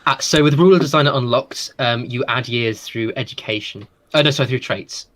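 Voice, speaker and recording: A man advises on a game stream in a mid-pitched, conversational voice. His humour is dry and deadpan, and he often stumbles and restarts his sentences as he thinks aloud. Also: slight background noise. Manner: dry joking, halting restarts. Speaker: co-host and advisor. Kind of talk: casual livestream chat.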